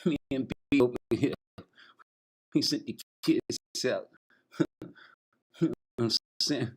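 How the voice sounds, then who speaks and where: Husky man drawling a crude comedy rant. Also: mid-range voice, slow pace. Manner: crude, laughing, slangy storytelling. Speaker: comedy skit host. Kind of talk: improvised comedic skit rant.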